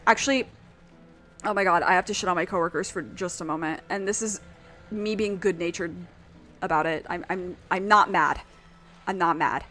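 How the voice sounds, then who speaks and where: A woman streaming a video game, chatting in a rambling, animated way and swearing freely. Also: on the low side, moderate pace, long pauses, faint music behind. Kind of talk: casual gameplay chat.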